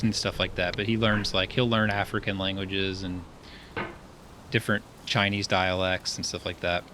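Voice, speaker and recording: A man's voice: low-pitched, steady tone, a little fast, sharp tone, a little hiss or hum. A man streaming a game and chatting casually, rambling with lots of fillers and frequent laughs.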